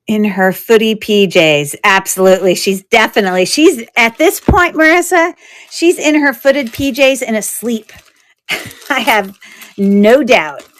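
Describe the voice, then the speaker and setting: A woman's voice: fairly high pitch, unhurried. A woman hosting a live jewelry sale in casual, rambling chat, thinking aloud as she shows each piece.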